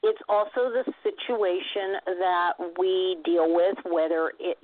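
A woman speaks in a casual discussion, measured and supportive, pausing as she searches for words. Her voice comes through thin and phone-like, with a dry, close feel. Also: on the low side, no room sound. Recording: dry, phone-like narrow sound.

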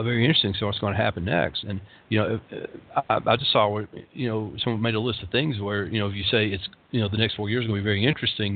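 A man's voice: fairly low pitch, gravelly, slight background noise. A man in his late fifties giving a rambling, casual talk on meditation and suffering, with dry humor and many fillers. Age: 50s. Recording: tinny phone-like lo-fi sound.

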